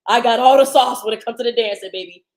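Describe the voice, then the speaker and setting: A woman's voice: on the high side, fast talker, poor audio. Slangy woman telling a story on a livestream. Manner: slangy, animated, talks loudly at times. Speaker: livestream host. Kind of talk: casual storytelling to a live audience. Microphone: computer's internal mic.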